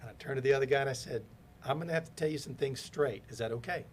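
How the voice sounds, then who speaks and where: A man at an ordinary middle pitch tells workplace stories in a relaxed podcast chat. He dramatizes every exchange and slips into the voices of the people he quotes. A low rumble hums faintly behind him. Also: rapid-fire. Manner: animated storyteller acting out quoted voices. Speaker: podcast guest, business consultant. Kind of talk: casual storytelling interview.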